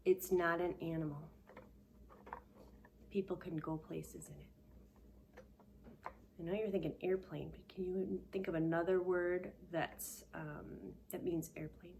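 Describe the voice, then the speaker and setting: A woman teaching a remote preschool lesson, patient and sing-song, sometimes dropping to a hushed whisper to give clues. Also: on the low side, fairly even intonation, a little slow, vocal fry, pauses often, slight background noise. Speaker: daycare teacher.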